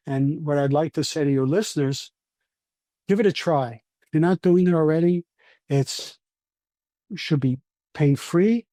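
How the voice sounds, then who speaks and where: A man's voice: on the high side, mellow, no echo, clean studio sound. A man with a Brooklyn accent, a scientist guest patiently explaining things in an interview, often restarting his sentences. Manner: patient, lecturing, with frequent restarts.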